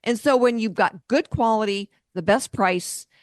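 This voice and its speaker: A woman's voice: on the high side, a little slow, no echo, studio quality. A woman co-hosting a radio talk show, explaining invention matters with confidence. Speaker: co-host, invention expert.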